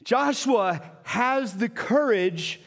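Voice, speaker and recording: A man preaching a sermon as a pastor, conversational and animated, now and then dropping to a quiet voice. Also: extremely high pitch, drawn-out words, long reverb tail.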